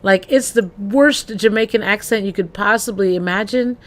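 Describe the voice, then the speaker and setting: A woman's voice: medium pitch, normal speed. A woman livestreaming in casual chat, rambling and talking straight to her viewers. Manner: rambling, chatty, addresses chat directly.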